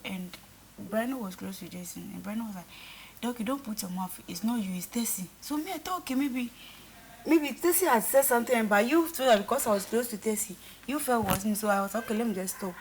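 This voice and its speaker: An earnest young woman talks through a falling-out, circling back and repeating herself as she acts out what was said. Her pitch sits in the middle, and there is a faint hum of ambience behind her. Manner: earnest, repetitive, animated retelling with quoted dialogue. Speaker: reality show contestant. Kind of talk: casual conversation.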